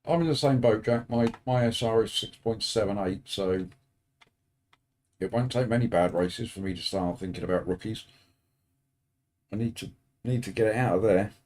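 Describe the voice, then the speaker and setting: A British man with a lowish voice chats casually to his viewers on a racing stream. He keeps things light with dry, deadpan jokes tossed in between remarks. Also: moderate pace, pauses often. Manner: chatty, dry joking asides. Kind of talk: casual chat with a live stream audience.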